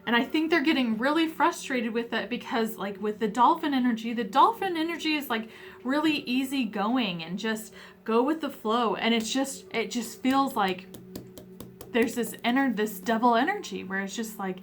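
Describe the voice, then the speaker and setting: A woman giving a pick-a-card tarot reading, emotional and hesitant, with many fillers, softly voicing messages from the other side. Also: fairly high pitch, normal speed, faint music behind.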